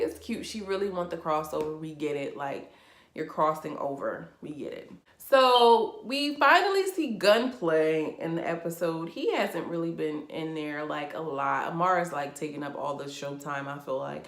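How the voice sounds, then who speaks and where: A woman's voice: sits low, animated, normal speed, echoey room. A woman giving casual vlog commentary as a reality TV reviewer, talking bluntly and profanely with incredulous laughs.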